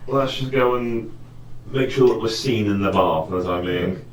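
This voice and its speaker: A man's voice: lowish voice, moderate pace, a little hiss or hum. A man playing a tabletop game, talking through his moves in a matter-of-fact way. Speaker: player. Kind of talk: casual chat at a game table. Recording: echoey room, far from mic.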